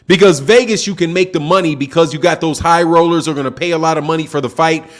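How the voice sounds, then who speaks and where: A man's voice: a little high, quick pace. A man hosting a live boxing stream, talking emphatically in casual slang, repeating himself and answering viewers' chat. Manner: emphatic, repetitive, slangy, talks back to chat. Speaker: boxing channel host.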